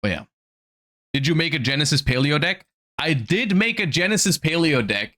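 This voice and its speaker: A man's voice: on the high side, big pitch swings, normal speed, sharp tone. A man streaming live, chatting casually with his viewers and reacting to a video, his throat a little sore.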